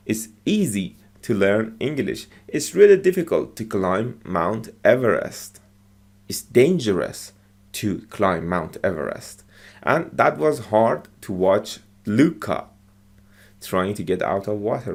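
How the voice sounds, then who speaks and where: A man's voice: fairly low pitch, creaky. A man teaching English by explaining short movie lines, patiently repeating phrases and checking with "okay?".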